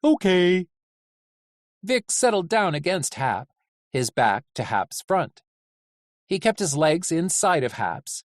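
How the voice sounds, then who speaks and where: An audiobook reader giving measured, animated narration of a story. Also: medium pitch, dry recording, clean studio sound. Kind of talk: scripted narration.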